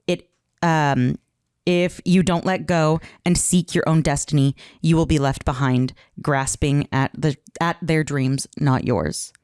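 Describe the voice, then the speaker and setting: A woman's voice: low voice, steady tone, measured pace, a little mellow, clean tone, no echo, studio quality. A woman co-hosting a podcast in casual chat, telling stories with self-deprecating giggles. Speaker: podcast co-host.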